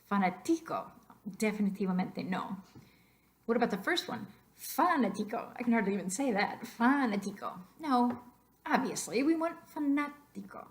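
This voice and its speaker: A woman's voice: medium pitch, darkish tone. A woman teaching a narrated slideshow lesson, explaining patiently and saying example words aloud to model their stress. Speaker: Spanish teacher.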